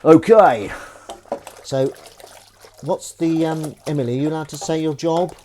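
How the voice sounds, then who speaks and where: A man with a fairly high, warm voice talks at normal speed with little pitch movement, over a slight hiss or hum. In a casual live-stream chat, he rambles and jokes at his own expense while washing dishes and pans in his home kitchen.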